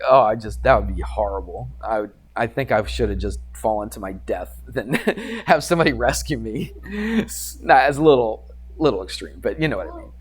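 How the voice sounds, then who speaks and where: A man who teaches math tells a story to his class during an energetic lecture, performing quoted voices and sound effects for the students. His voice sits in the middle range.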